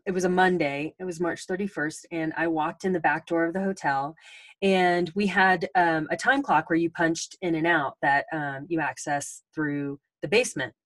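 A woman's voice: fairly low pitch, no room sound. A woman in her forties hosting a podcast, telling a story in a casual, chatty way with many ums and restarts. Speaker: podcast host.

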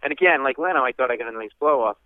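A man who is a comedian, telling a story in a lively way and acting out voices as he goes. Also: mid-range voice, rapid-fire, no room sound. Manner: lively, acts out voices in his stories. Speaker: comedian and podcast host, guest. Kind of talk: animated comic storytelling. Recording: tinny phone-like line.

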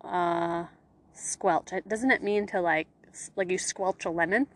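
Young female co-host, low voice, loose chatty delivery, curses casually. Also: fairly even intonation, unhurried. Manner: frank, swears freely, lots of "like". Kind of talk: casual chat.

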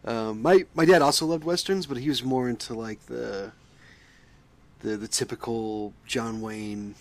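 A man's voice: medium pitch, measured pace. A man co-hosting a casual movie podcast, speaking hesitantly and restarting often. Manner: hesitant, lots of ums and restarts. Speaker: podcast co-host.

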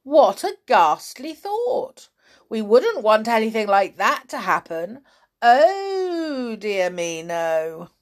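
A woman's voice: a little high, big pitch swings, takes it slowly, pitched above the performer's own voice. A woman voicing a nasty, scheming old husband in a storybook reading, with a sly, mock-sweet gloating manner. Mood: mock-horrified.

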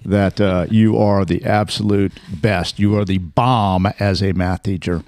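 A man co-hosting a podcast, speaking slightly haltingly in casual chat. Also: deep voice, steady tone, darkish tone, dry recording. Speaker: podcast co-host.

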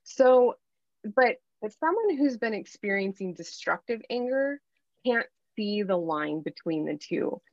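A woman's voice: medium pitch, very animated, measured pace, no room sound, lo-fi sound. A woman in her thirties, a life coach, telling her story candidly and with animation in a podcast interview.

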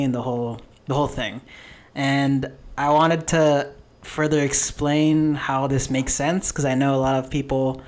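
A young man hosting a casual podcast, explaining at a relaxed pace with lots of fillers. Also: medium pitch. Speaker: podcast host.

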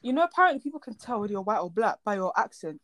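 A woman's voice: medium pitch, big pitch swings, racing, a bit bright. A young woman, co-hosting a casual chat podcast, rambling and jokey and losing her train of thought. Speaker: podcast co-host.

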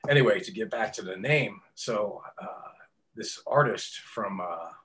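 A middle-aged man, a tattoo artist telling stories in an interview, swearing often and acting out quotes loudly. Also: on the low side, measured pace. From New York. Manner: animated, profane storyteller who acts out quotes loudly. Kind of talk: casual storytelling interview.

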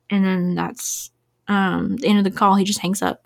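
A woman's voice: medium pitch, level tone, moderate pace. A woman in her thirties hosting a casual true-crime chat, talking loosely with lots of "like" and fillers. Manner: chatty, filler-heavy, "like" after every few words. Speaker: podcast host.

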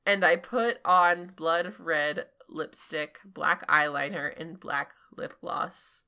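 A woman's voice: low voice, slow pace, vocal fry, pushed and bright. A woman co-hosting a podcast, reading a fanfic aloud and breaking off with giggly, incredulous asides. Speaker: podcast co-host.

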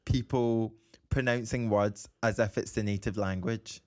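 A man's voice: mid-range voice, normal speed. A man co-hosting a casual podcast who rambles, restarts his sentences and giggles as he talks. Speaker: podcast co-host. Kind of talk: casual chat.

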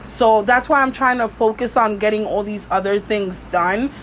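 A woman's voice: mid-range voice, normal speed, a little hiss or hum. A woman hosting her own podcast, venting in a casual, blunt and profane way, with lots of "you know" fillers. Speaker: podcast host.

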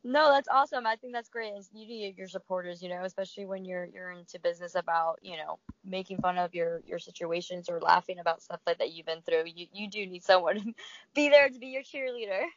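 Supportive woman host, quick to laugh. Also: fairly low pitch, no echo, muffled recording. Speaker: interview host. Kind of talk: casual interview chat.

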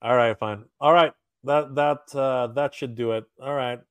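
A man's voice: medium pitch, steady tone, moderate pace, clear, resonant tone, dry recording. A man co-hosting a casual toy livestream, running giveaway spins, laughing often and swearing casually.

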